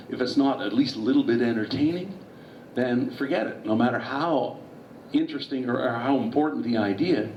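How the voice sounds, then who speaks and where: A man's voice: mid-range voice, a little hiss or hum. Man giving a storytelling history lecture, digressive asides, heard from afar, echoey meeting hall, dull muffled sound. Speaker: author and guest speaker. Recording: distant, roomy, dull hall recording.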